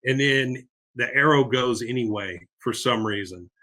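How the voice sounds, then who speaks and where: A man's voice: mid-range voice, unhurried, pushed and bright. A middle-aged man hosting a podcast, casually recapping an episode in a rambling way with many fillers. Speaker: podcast host.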